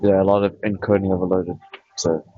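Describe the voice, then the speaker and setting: A young man with a deep, mellow voice, rambling casually about his plans for the day. The recording is dry and a bit dull and lo-fi. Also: fairly quick, no echo. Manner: rambling, relaxed, self-correcting. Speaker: vlogger. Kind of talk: casual chat.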